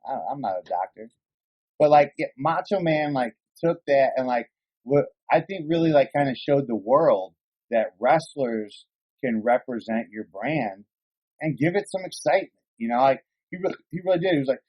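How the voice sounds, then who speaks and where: A man co-hosting a podcast, chatting casually, rambling excitedly and swearing often. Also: mid-range voice, moderate pace, rough recording. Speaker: podcast co-host. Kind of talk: casual chat.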